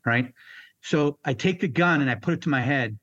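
A man in his fifties, a military veteran being interviewed, telling his story in a raw, halting way and swearing freely. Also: medium pitch, fairly bright tone, dull audio. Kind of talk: candid personal storytelling.

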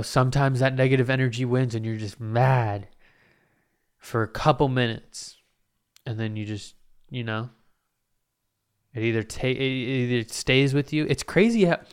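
A man's voice: mid-range voice, normal speed, clean tone. A man hosting his own podcast alone, rambling in a self-mocking way and swearing often. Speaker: podcast host. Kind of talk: casual solo podcast monologue.

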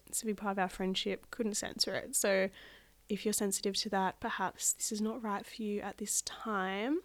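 A woman's voice: mid-range voice, no echo. A woman with a cold-congested voice, a podcast guest chatting with sarcastic, chaotic humor. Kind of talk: casual chat.

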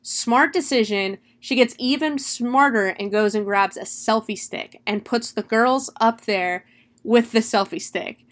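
A woman's voice: fairly high pitch, measured pace. Chatty young woman recapping a film. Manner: chatty, animated, swears freely. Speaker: movie reviewer.

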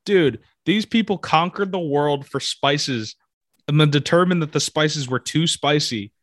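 A young man hosting a casual podcast, chatty and quick to laugh. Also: a little high, no echo, studio quality. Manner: chatty, giggly, lively. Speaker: podcast host. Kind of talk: casual chat.

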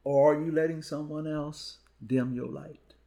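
A man's voice: on the high side, fairly even intonation, a little slow, creaky, warm tone. A man who speaks at schools, talking in a podcast chat with punchy repeated lines and storytelling. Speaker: motivational speaker. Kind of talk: podcast conversation.

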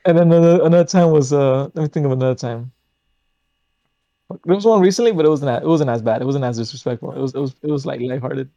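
A man's voice: medium pitch, quick pace, gravelly, warm tone, no echo, dull audio. A young man hosting a podcast, telling a story in a rambling, casual way full of fillers and swearing. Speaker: podcast host. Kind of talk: casual chat.

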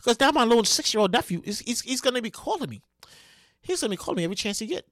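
Racing through a loose comedic monologue, a show host speaks in a high, bright voice with big pitch swings that jump everywhere. He swears liberally, stammers and restarts a lot, and erupts in loud sing-song exclamations, heard in a close, dry recording.

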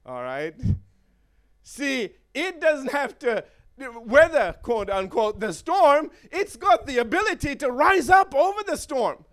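A man preaching a sermon in an animated way, with joking asides and chuckles. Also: very high-pitched, slow pace.

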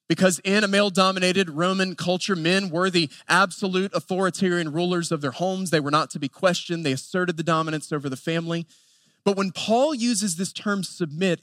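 A man in his thirties with an Appalachian North Carolina accent, preaching a sermon in an earnest way and building lists with emphatic pauses. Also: high voice, a bit bright, no room sound. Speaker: pastor.

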